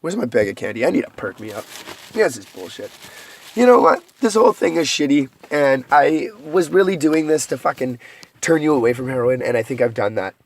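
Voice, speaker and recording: A man's voice: medium pitch, lively intonation, a little fast. A young man vlogging a rambling, profane confessional monologue, joking darkly as he goes. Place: rural home at night, partly outdoors.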